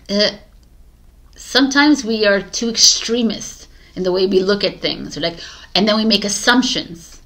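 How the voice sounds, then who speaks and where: A woman giving a casual tarot reading to camera, coaching her viewers in an animated way and laughing often. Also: medium pitch, normal speed. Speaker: tarot reader.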